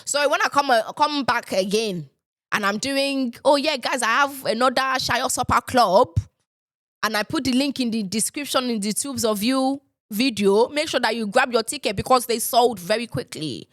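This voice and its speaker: A young woman hosting a casual solo podcast chat, sarcastic and animated, jumping from loud outbursts to low mutters. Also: normal speed, no room sound, studio quality. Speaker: podcast host.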